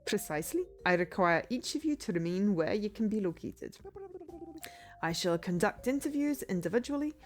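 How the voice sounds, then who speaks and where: A woman voicing a formal, commanding male detective of old with a put-on Scottish accent, speaking slowly and gravely. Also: mid-range voice, expressive, soft background music, close to an everyday voice. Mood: stern. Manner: slow, grave and old-fashioned.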